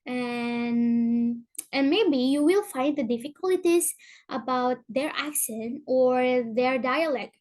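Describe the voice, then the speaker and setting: A woman's voice: high voice, a little mellow. A young woman from Indonesia with a Sundanese accent, giving an informal presentation and searching for words as she speaks. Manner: halting, searching for words in English.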